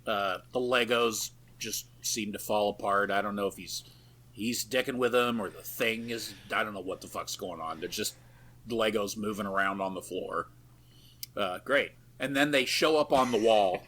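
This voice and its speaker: Bright, low-pitched man recapping casually. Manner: loose and profane, many fillers, laughs easily. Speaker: podcast co-host. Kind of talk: casual chat recapping a film.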